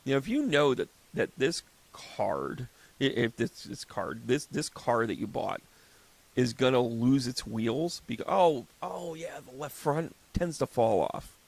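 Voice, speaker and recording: Male host, fifties, gravelly voice, rambling comic storyteller. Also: mid-range voice, expressive, unhurried. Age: 50s. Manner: rambling, joking storyteller who acts out little scenes. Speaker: host and psychic medium. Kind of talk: casual solo podcast talk.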